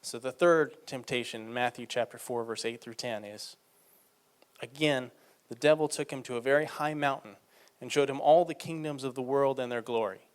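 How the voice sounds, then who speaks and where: A man preaching a sermon, reading scripture aloud and explaining it in a conversational way, slowing down and getting louder for emphasis. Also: mid-range voice, clean tone.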